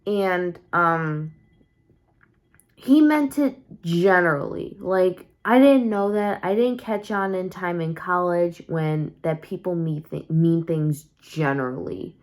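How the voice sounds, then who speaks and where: Tired young woman talking low, rambling at home late at night, lots of ums and restarts. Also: slow pace. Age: young adult. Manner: rambling and candid, many fillers and restarts. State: tired and sleepy. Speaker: vlogger. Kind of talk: casual confessional vlog.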